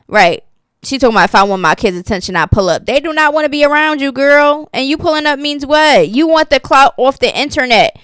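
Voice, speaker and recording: A woman's voice: fairly high pitch, a bit bright, clear, resonant tone, no echo, clean studio sound. A woman giving sassy, casual gossip commentary, reading posts aloud and reacting to them. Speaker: commentary channel host.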